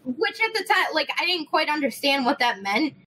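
A young woman telling a story in casual chat, animated, swearing freely and acting out the people in it. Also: sits high, normal speed, a little hiss or hum, low-quality recording. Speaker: podcast host.

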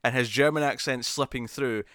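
Male podcast co-host, mid-pitched, halting delivery, dry close mic. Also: steady tone, a bit bright, no room sound. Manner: halting, repeats words, laughs between points. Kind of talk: casual film discussion.

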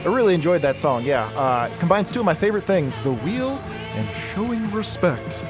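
A man's voice: high-pitched, very animated, moderate pace, music in the background. A man in his forties co-hosting a casual comic podcast chat, joking and laughing often. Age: 40s. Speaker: podcast co-host.

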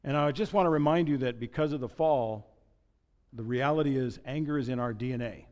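A man's voice: medium pitch, fairly quick, darkish tone, long reverb tail. A man preaching a sermon as pastor, conversational and joking, with asides and restarts.

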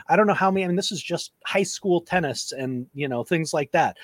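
A man co-hosting a sports podcast, giving blunt, animated takes in casual chat. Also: sits high, fast talker, few pauses, no room sound. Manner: blunt, animated storytelling with frequent restarts. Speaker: podcast co-host.

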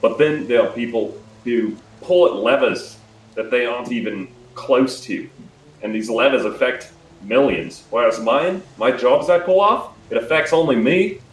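A man's voice: mid-range voice, normal speed, lightly acted. An improv comedy performer playing a boastful male thief-guild leader and woodsman, smug and self-justifying, stumbling through restarts. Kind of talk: improvised comedy role-play. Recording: roomy, distant room mic.

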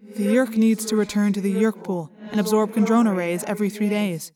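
A woman's voice: medium pitch, fairly even intonation, brisk, crowd noise, lightly acted. A woman voicing a serious teenage boy who explains in a matter-of-fact way. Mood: explaining. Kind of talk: audiobook character reading.

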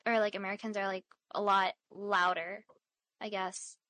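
A woman's voice: medium pitch, flat delivery, normal speed, fairly bright tone, dry recording. A woman chatting casually, speaking hesitantly with many fillers. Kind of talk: casual chat.

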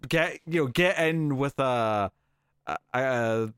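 A man co-hosting a podcast, chatting casually about a film and often pausing to restart his sentences. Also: mid-range voice, fairly bright tone, clear, resonant tone, no echo, clean studio sound. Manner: rambling, hesitant, with frequent fillers and restarts. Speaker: podcast co-host. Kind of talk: casual film review chat.

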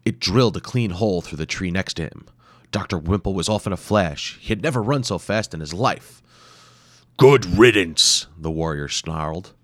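A man's voice: low voice, a little fast, dry recording. A man narrating an adventure story dramatically, acting out the sound effects himself.

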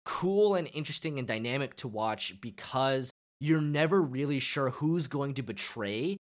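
A podcast co-host in casual chat, retelling scenes excitedly with lots of fillers and restarts. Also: medium pitch, moderate pace.

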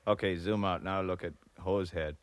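An actor playing a goofy, teasing Canadian hoser brother on a comedy album, joking in a Canadian accent. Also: male voice, deep voice, fairly even intonation, a little fast, dry recording, lightly acted. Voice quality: teasing, goofy, laughs at his own jokes. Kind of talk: improvised comedy album sketch.

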